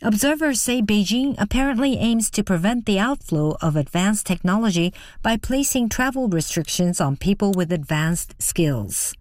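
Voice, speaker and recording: A woman newsreader reading headlines in a steady, formal way. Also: fairly low pitch, dry recording, clean studio sound. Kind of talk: news reading.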